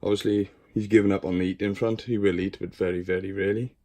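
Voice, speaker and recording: Chatty man with a low voice. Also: flat delivery, fast talker, dark tone. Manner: chatty, swears freely, coaxes and scolds his spiders. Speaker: tarantula keeper showing his collection. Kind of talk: casual room-tour vlog. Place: bedroom at home.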